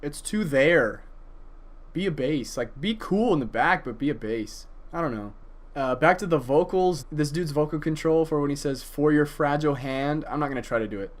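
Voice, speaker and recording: A man's voice: fairly high pitch, lively intonation, moderate pace. A man casually reviewing an album, enthusiastic and profane, with frequent hesitations and fillers. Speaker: music reviewer.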